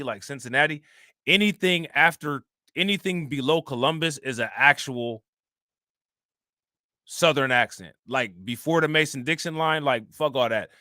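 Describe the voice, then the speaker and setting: Ohio dude w/ a dry midwest accent, rambling live stream talk, bright tone, dead dry sound. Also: male voice, medium pitch, moderate pace, dry recording. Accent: Northeast Ohio, Midwestern. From Northeast Ohio. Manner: rambling, slangy, addresses chat directly. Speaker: livestream host. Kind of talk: casual livestream commentary.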